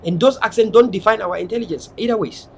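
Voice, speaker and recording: A man's voice: high voice, quick pace, creaky, slight background noise. A man from Southern Cameroons with a Cameroonian English accent, delivering an impassioned, lecturing monologue with heavy repetition. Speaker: political activist speaker.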